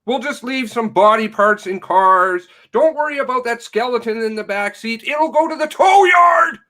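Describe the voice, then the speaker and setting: A man's voice: extremely high pitch, normal speed, pushed and bright. A man giving a sarcastic, ranting livestream commentary, mocking the police in put-on voices. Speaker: online commentator.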